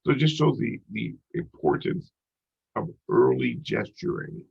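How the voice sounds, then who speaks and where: A man's voice: mid-range voice, wildly swooping pitch, unhurried, creaky, slightly rough, highs cut off. A man teaching a recorded college psychology lecture, talking conversationally with frequent ums and restarts.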